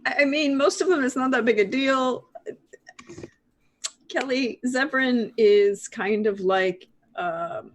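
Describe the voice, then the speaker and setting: A woman playing a tabletop game who talks thoughtfully and pauses to search for words. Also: sits high. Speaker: player. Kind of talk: casual tabletop game chat.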